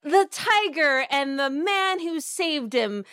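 A woman's voice: high-pitched, animated, slow pace, fairly bright tone, dry recording, studio quality. A woman co-hosting a casual chat, teasing the guest and steering the talk. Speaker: co-host.

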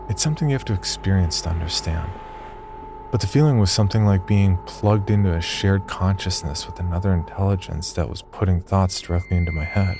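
Deep-voiced man narrating a horror tale. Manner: wry, deadpan. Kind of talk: first-person horror story narration.

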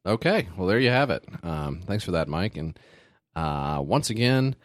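A man's voice: deep voice, very animated, normal speed, dry recording. A man co-hosting a comedy podcast in a studio, chatting casually in a dry, wry manner. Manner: dry, wry, reads items aloud. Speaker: podcast co-host. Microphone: close studio mic, headphones.

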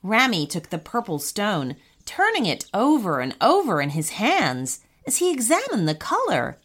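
Animated woman narrating a children's story. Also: medium pitch, normal speed.

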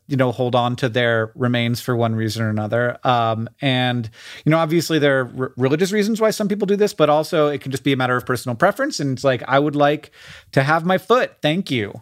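A man's voice: medium pitch, quick pace, no echo, studio quality. A man co-hosting an advice podcast, reading listener questions and answering in a rambling, self-deprecating way with frequent laughter. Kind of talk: casual chat.

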